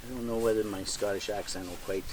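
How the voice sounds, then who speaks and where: A man, son of the deceased, speaking haltingly with fillers and reading a poem at an outdoor cemetery. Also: lowish voice, fairly even intonation. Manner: halting, plain-spoken, with many fillers. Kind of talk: graveside tribute and poem reading. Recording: outdoor recording with clear background noise.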